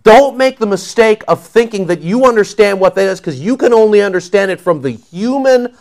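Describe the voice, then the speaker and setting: A man's voice: sits high, expressive, normal speed, a little mellow. A man preaching a sermon in an emphatic, conversational way, often checking in with his listeners with "okay?" and "see?".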